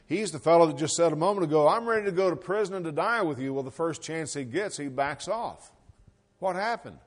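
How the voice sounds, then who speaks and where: A man's voice: mid-range voice, a little mellow. Folksy man preaching a sermon. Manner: folksy, conversational preaching with rhetorical questions. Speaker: pastor.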